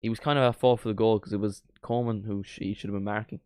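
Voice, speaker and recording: A young man doing a live football watchalong, reacting to the match and chatting with viewers, bursting into shouts at big moments. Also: fairly low pitch, steady tone, racing, clean tone, dry recording, studio quality. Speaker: watchalong streamer.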